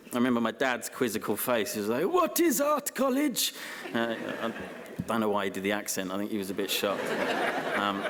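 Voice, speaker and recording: An honorary graduate from Essex, England, gives an acceptance speech in a lowish voice. It's dry and self-deprecating, full of halting ums and deadpan asides, with a long echo filling the large ceremony hall.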